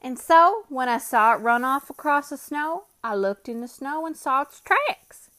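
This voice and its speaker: A woman's voice: high-pitched, lively intonation, a little slow, bright, forceful tone, pitched above the performer's own voice, exaggerated voice. A woman voicing an uneasy grizzled sled-dog driver with a rustic backwoods dialect.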